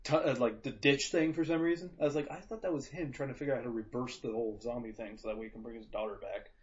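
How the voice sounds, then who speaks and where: A man co-hosting a podcast talks in a mid-range voice with fairly even intonation and a quick pace. He chats casually, swears freely, and acts out quotes as he jokes. The audio is dull and lo-fi.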